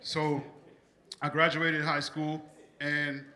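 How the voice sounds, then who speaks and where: A man's voice: a little high, level tone, takes it slowly, bright, forceful tone. A middle-aged man giving a casual, joking acceptance speech on a theatre stage. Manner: casual and joking, thanking people.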